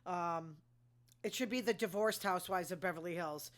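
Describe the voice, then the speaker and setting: A woman's voice: lowish voice, normal speed. A woman hosting her own show, giving a casual, opinionated recap of reality TV full of asides and fillers. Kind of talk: casual gossipy commentary.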